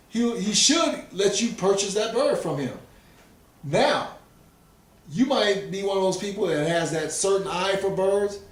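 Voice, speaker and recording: A man from Southern California, a pigeon fancier, talking earnestly and emphatically in a casual interview. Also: high voice. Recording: echoey and distant from the mic.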